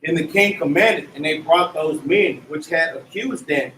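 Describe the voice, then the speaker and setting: A man's voice: fairly high pitch, normal speed, fairly bright tone, far from the mic, a little hiss or hum. A man reading scripture aloud in a Bible class, in old-style scripture wording. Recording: echoey room, away from the mic.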